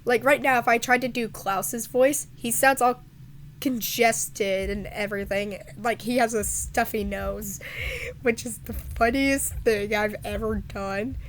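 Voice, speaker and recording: A congested, hoarse woman with a raspy voice, rambling casually in a vlog and stumbling over her words. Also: a little high, fairly even intonation, measured pace, slight background noise. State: congested, hoarse from a sore throat. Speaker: video creator.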